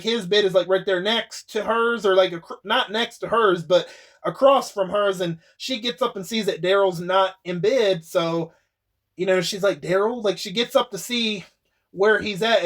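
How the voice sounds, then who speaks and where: Male YouTube reviewer with a high voice, loose and chatty, swears freely, restarts sentences. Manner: rambling, swearing, frequent laughs and restarts. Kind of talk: casual spoken episode recap.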